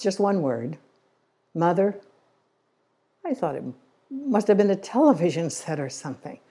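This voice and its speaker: Woman speaking in a low, mellow voice. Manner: earnest storytelling, slows on key phrases. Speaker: church speaker. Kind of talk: sermon-style talk. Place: church.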